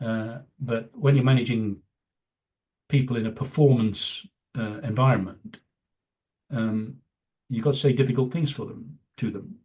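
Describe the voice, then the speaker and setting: Older male guest, rambling anecdotal storyteller, mid-pitched plain voice, casual interview. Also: steady tone, unhurried, pauses often, darkish tone. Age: 70s. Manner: rambling, anecdotal, many "you know" fillers. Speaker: guest, veteran news executive.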